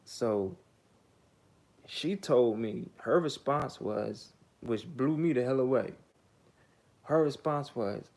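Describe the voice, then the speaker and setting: A man tells a casual storytime monologue in a loose, rambling way. His voice has a steady gravelly fry and sits at a middle pitch. He is blunt and profane, and he fills his pauses with "um" and "like". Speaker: vlogger.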